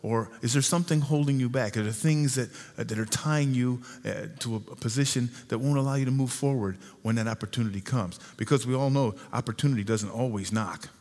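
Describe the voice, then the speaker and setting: A man preaching a sermon as pastor, earnest, repeating and slowing down key lines for emphasis. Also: medium pitch, darkish tone. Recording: long hall reverb.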